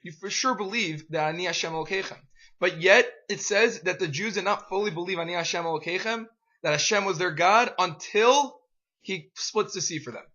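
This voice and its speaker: A young man, a youth group adviser, telling an animated story in casual talk and often tossing in "right?" to his listeners. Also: sits high, fairly quick. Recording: dull lo-fi recording.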